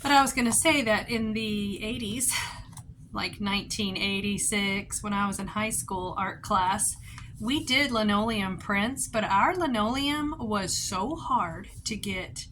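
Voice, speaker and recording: A woman in her fifties talks through a homemade craft project in a loose show-and-tell way. Her voice is bright and forward, and she rambles cheerfully, breaking into sudden excitement. Her pitch sits in the middle, and a faint hiss of room noise runs underneath. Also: unhurried. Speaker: craft vlogger. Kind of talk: casual show-and-tell tutorial.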